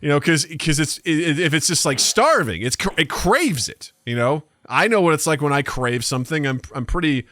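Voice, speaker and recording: Animated bright-voiced male podcast co-host. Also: fairly high pitch, brisk, few pauses, dry recording, studio quality. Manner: animated storyteller, jumps into silly voices. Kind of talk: casual comedic chat.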